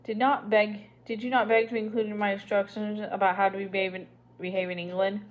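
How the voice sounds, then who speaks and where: A haughty English lady, done by a woman reading the story, lays out her plans in a condescending drawl. Her manner is grating and superior, talking down to a little girl. She mocks even while she sounds polite. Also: medium pitch, brisk, highs cut off, close to an everyday voice. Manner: condescending, mocking.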